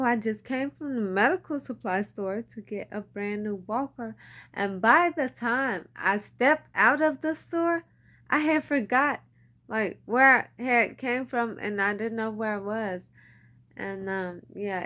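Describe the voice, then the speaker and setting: A woman's voice: on the high side, fairly bright tone. Woman, young adult, chatty storytelling, frequent fillers. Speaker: vlogger. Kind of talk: casual storytelling to camera.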